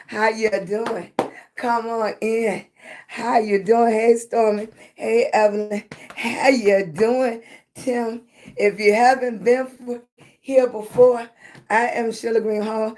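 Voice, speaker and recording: A middle-aged woman with a hoarse, raspy voice hosts a casual livestream and talks at an unhurried, slow pace. She greets her viewers one by one and speaks to them affectionately and encouragingly. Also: fairly high pitch, darkish tone. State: hoarse, voice not fully back. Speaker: livestream host.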